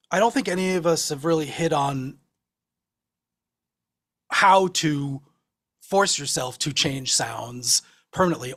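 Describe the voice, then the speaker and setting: A man co-hosting a casual music chat, thinking aloud in a searching way with many pauses. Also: fairly high pitch. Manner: thoughtful, searching, many fillers. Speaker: co-host. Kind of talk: casual chat on a video call.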